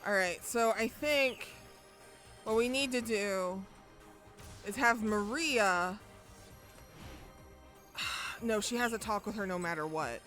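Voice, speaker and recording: A woman's voice: medium pitch, slow, long pauses, fairly bright tone, soft background music. Casual, foul-mouthed young woman streamer. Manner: casual, profane, joking. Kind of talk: live game streaming chat.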